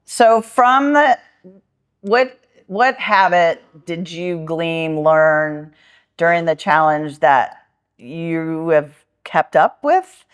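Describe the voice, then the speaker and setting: A woman's voice: deep voice, drawn-out words, clear, resonant tone. A woman hosting a casual podcast interview, chatty and asking rambling follow-up questions. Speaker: podcast host, gym trainer.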